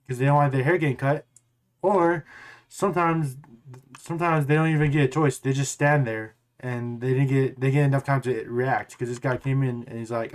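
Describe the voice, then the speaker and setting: A man's voice: fairly high pitch, fairly even intonation, fairly quick. A man in casual talk to camera as a gaming YouTuber, rambling and restarting, with blunt swearing. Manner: rambling, repeats words and restarts.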